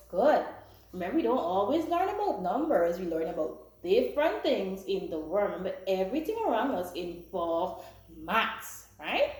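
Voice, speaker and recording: A woman teaching a young class, her fairly high voice swooping up and down as she coaxes and praises in a sing-song way. The recording carries the echo of the classroom around her. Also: dark tone. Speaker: primary school teacher. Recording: echoey room.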